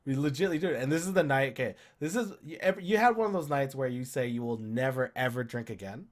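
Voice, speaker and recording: A man's voice: mid-range voice, fast. A young man from Canada telling a rambling drinking story in casual chat, swearing and acting out what he said. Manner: animated, swearing, telling a drunk story with voiced quotes. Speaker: podcast co-host.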